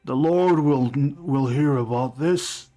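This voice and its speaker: A man voicing a stern male jail guard who talks slowly. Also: mid-range voice, mellow, soft background music, lightly acted.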